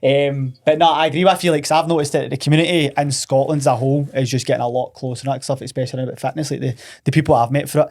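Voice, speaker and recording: A Scottish man telling stories in a casual podcast chat, animated and swearing freely. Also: mid-range voice, racing, hardly any pauses. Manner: animated, swearing, laughing storyteller.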